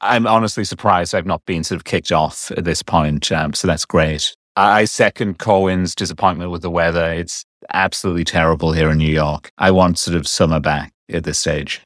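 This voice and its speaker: Deep-voiced Englishman with American-tinged accent. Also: fairly even intonation, normal speed, few pauses, a bit bright, no echo, studio quality. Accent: English with American mix. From England. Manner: hesitant, filler-heavy, says "sort of" a lot. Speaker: podcast co-host. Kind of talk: casual podcast chat.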